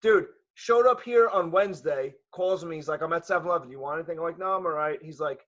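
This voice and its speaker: A middle-aged man, a jiu-jitsu gym owner telling a profane, animated story in casual chat. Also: a little high, quick pace. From New York. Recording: dull lo-fi audio.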